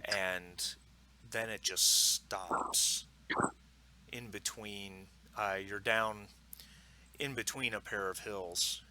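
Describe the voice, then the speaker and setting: Casting: male game master, very bright, relaxed rule explainer with fillers. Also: on the low side, drawn-out words, long pauses, slight background noise. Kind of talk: narrating a tabletop game.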